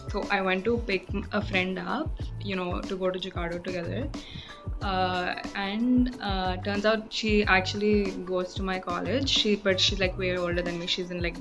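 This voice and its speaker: A young woman college student, casually rambling through stories of her day and acting out other people's lines. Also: medium pitch. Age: young adult. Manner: rambling, animated retelling with quoted dialogue. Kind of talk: casual chatty vlog storytelling. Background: background music.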